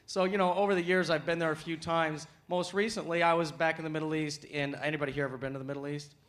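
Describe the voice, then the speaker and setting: A man from the United States doing a stand-up comedy set with punchy, animated delivery and sudden shouts, on stage before a live audience. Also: a little high, fast talker. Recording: live show with loud crowd and noise.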